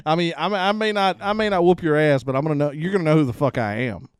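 A man's voice: fairly high pitch, fast, clear, resonant tone, no echo, clean studio sound. A man, hosting a podcast and telling profane, laughing stories in casual chat. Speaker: podcast host.

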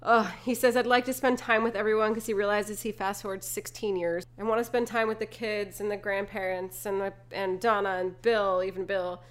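Young female co-host, casual and animated, retells scenes and laughs. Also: mid-range voice, fairly quick, hardly any pauses. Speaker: podcast co-host. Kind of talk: casual movie recap chat.

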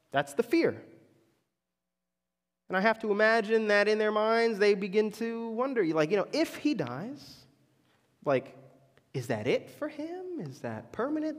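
A man's voice: high-pitched, big-room sound. A man preaching a sermon, telling stories and checking in with his listeners with "right?" after many lines. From Florida, US. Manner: storytelling, keeps checking in with "right?". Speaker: pastor.

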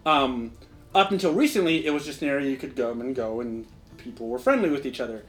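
A man's voice: mid-range voice, fast talker, fairly bright tone. A young man narrating as game master in a casual, rambling way, full of fillers. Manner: rambling, filler-heavy, laughs often.

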